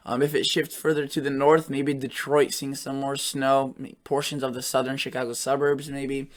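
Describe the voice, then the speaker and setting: A man walks through the weather models in a casual, thinking-aloud way. He often stops and restarts a phrase, and his pitch sits in the middle range for a man. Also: level tone, normal speed. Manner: loose and thinking aloud, often correcting himself mid-sentence. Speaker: weather forecaster and channel host. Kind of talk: casual forecast commentary over weather model maps.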